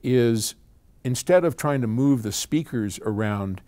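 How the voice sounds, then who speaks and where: A man's voice: medium pitch, lively intonation, measured pace, mellow. An older man casually answering a viewer's question, chatty and prone to tangents. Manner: chatty, wanders off on tangents, laughs at himself. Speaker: audio company founder answering viewer questions. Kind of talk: casual chat.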